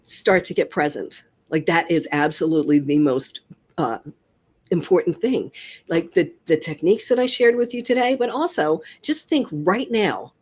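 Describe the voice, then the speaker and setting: A woman guest on a casual interview chat, an animated and enthusiastic storyteller. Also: on the low side, moderate pace, husky. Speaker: guest hypnotist.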